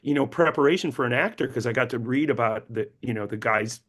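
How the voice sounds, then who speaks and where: A middle-aged man, a novelist being interviewed, telling stories animatedly, acting out quotes and often repeating words as he restarts. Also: quick pace. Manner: animated, acts out quotes with big pitch jumps. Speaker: novelist guest.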